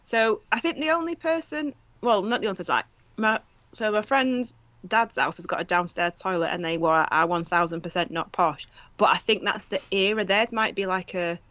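A woman's voice: mid-range voice, normal speed, fairly bright tone, dry recording, muffled recording. A woman, chatting casually and jokily as a podcast co-host, swearing now and then. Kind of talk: casual chat.

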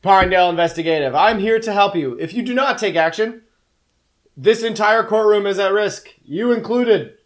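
A man voicing a decayed male demon cat that speaks in a slow, grand, booming way. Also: lively intonation. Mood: grave.

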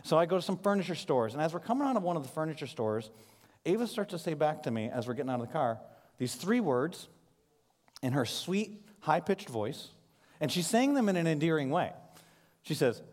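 A man in his thirties preaching a sermon from a stage, telling stories in an animated way with quick asides. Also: fairly high pitch. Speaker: pastor. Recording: live sermon in a reverberant hall.

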